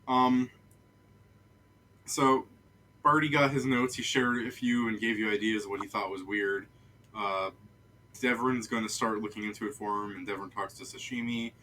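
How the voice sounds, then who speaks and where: A man's voice: lowish voice, little pitch movement, moderate pace, long pauses, sharp tone, slight background noise, rough recording. A man running a tabletop game as game master, narrating in a casual, joking, loose way.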